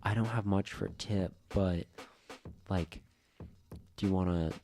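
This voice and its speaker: A man voicing a stoned, slow-witted male customer who drags out his words and turns tearful. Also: low voice, steady tone, mellow, soft background music. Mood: laid-back. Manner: slow, drawn-out stoner talk.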